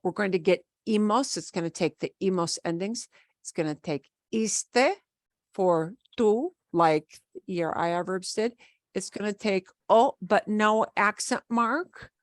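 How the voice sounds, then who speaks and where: Slow, patient woman teaching a class. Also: medium pitch, no echo, clean studio sound. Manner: explains patiently, casual and repetitive, spells words letter by letter. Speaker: Spanish teacher. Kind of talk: online class lecture.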